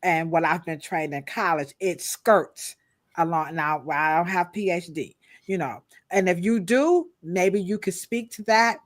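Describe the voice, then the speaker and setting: A woman co-hosting a podcast, animated and exclamatory, talking in casual slang with bursts of laughter. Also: fairly low pitch, unhurried. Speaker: podcast co-host. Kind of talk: casual chat.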